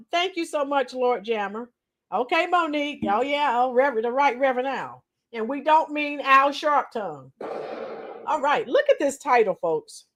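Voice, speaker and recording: A middle-aged woman hosting a casual livestream, greeting viewers by name, her voice a little strained and clearing her throat often. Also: sits high, fairly bright tone. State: slightly strained voice after a week of teaching. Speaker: livestream host. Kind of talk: casual live chat with viewers.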